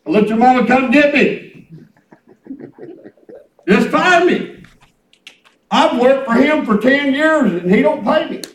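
A man's voice: very high voice, normal speed. A middle-aged man preaching a folksy, emphatic sermon and repeating himself for effect. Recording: echoey room, from a distance.

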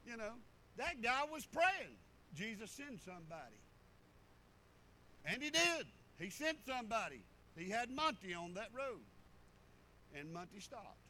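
A man's voice: high-pitched, big pitch swings, a little slow, pauses often, sharp tone, a little hiss or hum, rough recording. A middle-aged man, a pastor preaching a sermon in a folksy storytelling way with rural turns of phrase.

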